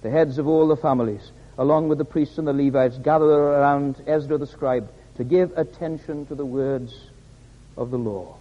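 A man's voice: on the high side, steady tone, normal speed. A man preaching a sermon in a church, stressing points by repeating his words. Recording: reverberant hall, dull lo-fi sound.

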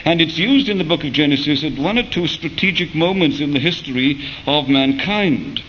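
A man preaching a sermon, speaking in a measured way with rhetorical questions and occasional hesitations. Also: a little high, animated, muffled recording, slight background noise.

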